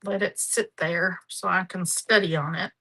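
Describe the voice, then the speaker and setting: A woman's voice: lowish voice, fairly even intonation, normal speed, pushed and bright, poor audio. A middle-aged woman hosting a live craft demonstration, chatty, homey and affectionate. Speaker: craft show host.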